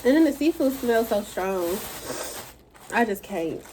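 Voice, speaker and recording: A woman's voice: fairly high pitch, animated, unhurried, background noise. A woman vlogger talking while she eats, in a blunt, profane, casual rant. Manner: talks while eating.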